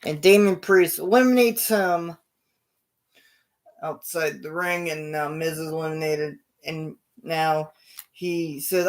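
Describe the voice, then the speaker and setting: Guy slowly calling made-up wrestling moves, yelling boom sound effects. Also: fairly even intonation, creaky. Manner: bursts into loud "boom" sound effects and acted quotes. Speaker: show host. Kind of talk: casual play-by-play of an imagined wrestling event.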